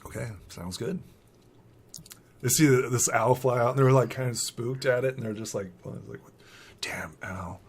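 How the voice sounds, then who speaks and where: A man's voice: medium pitch, fairly even intonation, normal speed, breathy edge. A man narrating a tabletop game as game master, loose and chatty, with lots of "like" fillers.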